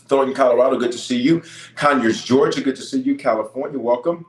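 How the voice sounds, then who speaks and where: Speaking quickly at a medium pitch, this man is a bishop running a live-streamed prayer call from a room at his home base near Denver. He welcomes viewers by location and repeats himself emphatically as he answers what they ask, with a roomy sound to the recording.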